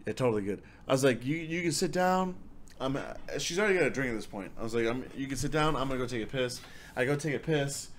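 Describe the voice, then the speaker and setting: A young man telling a rambling, profanity-filled story in a casual, animated way. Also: mid-range voice, fast talker, a little hiss or hum. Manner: rambling, swears a lot, animated. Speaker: storyteller guest.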